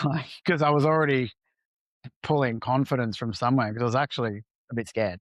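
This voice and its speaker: A man's voice: mid-range voice, fairly even intonation, brisk, dry recording. A man talking as a podcast guest, telling a personal story candidly and casually, with some swearing and acted-out bits of dialogue. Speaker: entrepreneur guest.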